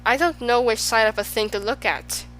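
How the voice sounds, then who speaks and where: A woman's voice: a little high, normal speed, fairly bright tone, a little hiss or hum, lightly acted, poor audio. A woman voicing a polite, puzzled young boy in an audiobook, asking earnest questions. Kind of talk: audiobook character voice.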